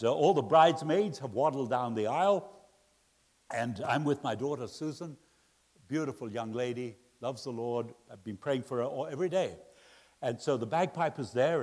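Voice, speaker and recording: A middle-aged man preaching a sermon, telling jokes and family stories, swinging between loud laughing excitement and quiet earnest appeals. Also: mid-range voice. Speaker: pastor. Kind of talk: sermon with humorous storytelling. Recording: long reverb of a large hall.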